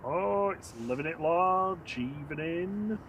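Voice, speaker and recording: Laid-back guy chatting slowly on a plane stream, reading chat, a bit higher voice. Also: a bit bright, slight background noise. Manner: laid-back, jokey, reads out viewer messages. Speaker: plane spotting livestream co-host. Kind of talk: casual live commentary.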